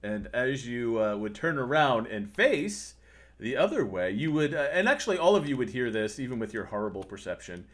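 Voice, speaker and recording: A man running a tabletop game as game master, his speech mid-pitched and loose with fillers. He describes scenes as he goes and breaks into laughter often. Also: big pitch swings, moderate pace, a bit bright.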